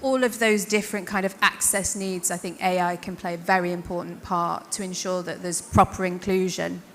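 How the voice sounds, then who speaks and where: A woman's voice: on the low side, steady tone, normal speed. Northern English woman in echoing hall. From north of England. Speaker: panelist. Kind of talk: panel discussion. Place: conference hall. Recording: reverberant hall, faint hiss.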